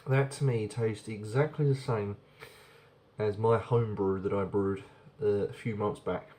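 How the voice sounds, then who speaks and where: A man's voice: fairly low pitch, fairly even intonation, a little slow, mellow. A man casually reviewing a beer on camera, chatty and rambling, often repeating words as he goes.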